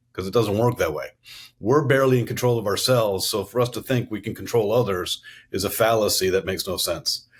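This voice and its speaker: Middle-aged East Coast man, podcast guest: earnest, expansive storytelling with a mid-range voice. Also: mid-range voice. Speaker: guest, company CEO. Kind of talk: storytelling interview answers.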